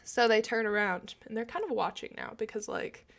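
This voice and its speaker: Bright, high-voiced young woman telling a story. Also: brisk, creaky. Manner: chatty, peppered with "like", laughs often. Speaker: storytime vlogger. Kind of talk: casual storytime.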